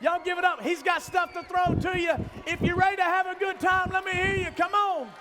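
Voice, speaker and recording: A man hyping up a crowd as event host, shouting over a live band in a hall. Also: extremely high pitch, flat delivery, a little fast, heavy background noise. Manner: loud, shouting, pumping up the crowd. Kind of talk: hyped emcee crowd work. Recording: echoey hall, loud music behind.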